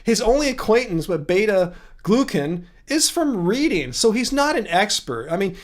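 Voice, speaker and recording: A man with a high, slightly bright voice hosts a casual livestream, reading chat comments and pressing his argument with sarcastic asides. He often chuckles and restarts words.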